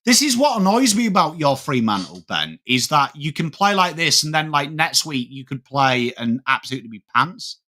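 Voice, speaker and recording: Answering viewer comments during a live sports watchalong, this Yorkshire-accented English host in his thirties talks at a normal speed with hardly any pauses. His slightly high voice is very animated and sharp.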